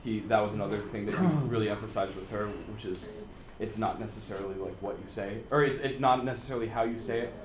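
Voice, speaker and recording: Male student with a lowish voice, working through an idea out loud in class; echoey room. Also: steady tone, fast, noisy background. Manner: thinking aloud, searching for words. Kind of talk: classroom discussion.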